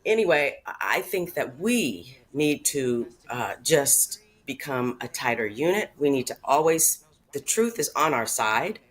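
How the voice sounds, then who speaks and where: A woman's voice: a bass voice, sing-song, a little slow. A woman speaking earnestly and from the heart as a regular on a radio talk show, in casual conversation. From Chicago area. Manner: earnest, heartfelt, tearful at times.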